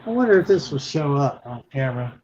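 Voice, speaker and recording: A man's voice: medium pitch, sing-song, fast, a little mellow. A man, a livestream panel guest, chatting in an easygoing, agreeable way. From Kentucky. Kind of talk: casual chat. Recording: dull lo-fi audio with faint noise.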